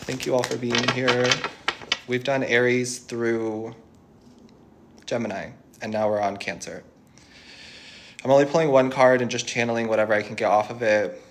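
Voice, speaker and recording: A man's voice: medium pitch, steady tone, moderate pace, pauses often, noisy background. A young man giving a tarot reading to viewers, reassuring and thinking aloud as he channels messages. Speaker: tarot reader.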